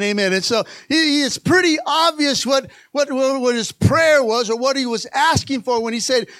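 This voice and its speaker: Man, pastor, sermon, rousing, bright voice, dry sound. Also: very high voice, moderate pace, hardly any pauses, no room sound. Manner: rousing, call-and-response, repeats lines for emphasis.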